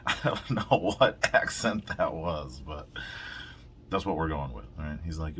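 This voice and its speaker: A man's voice: extremely low pitch, animated, fairly bright tone, a little hiss or hum. A man hosting his own podcast, rambling through a casual rant full of swearing. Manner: rambling, heavy swearing, quick laughs. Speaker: podcast host.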